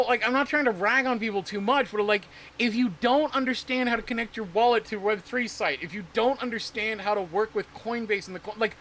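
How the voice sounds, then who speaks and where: A man's voice: high-pitched, brisk, hardly any pauses, fairly bright tone, a little hiss or hum. A man streaming casually about crypto, rambling and swearing in exasperation. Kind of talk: casual livestream talk.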